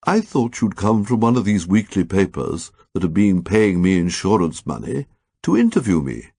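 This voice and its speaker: A man's voice: sits low, sing-song, moderate pace, gravelly, darkish tone, breathy edge, no room sound, exaggerated voice. A man voicing a prim young man who speaks in a stiff, oddly precise and formal way. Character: Teddy Weeks, a prim young man with odd precise speech.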